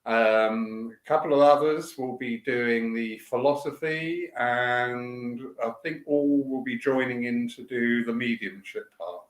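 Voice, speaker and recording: Man, event organizer, chatty and upbeat, unhurried delivery, roomy reverberant sound. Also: medium pitch. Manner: chatty, enthusiastic, with fillers and asides. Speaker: spiritualist church event organizer. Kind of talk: casual spoken announcements. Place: church hall.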